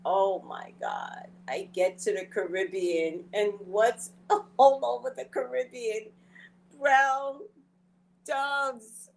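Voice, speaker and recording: A woman hosting a spiritual talk show, telling stories in a casual, animated way, often laughing and acting out her own thoughts. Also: on the high side, slow pace, gravelly, a little hiss or hum, poor audio. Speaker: psychic reader and show host.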